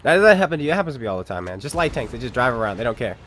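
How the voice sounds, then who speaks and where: A man's voice: mid-range voice, sing-song, rapid-fire, a bit bright. A man giving sarcastic, joking commentary over a tank game, talking to enemies and viewers as he plays. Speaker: gaming commentator. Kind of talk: casual gameplay commentary.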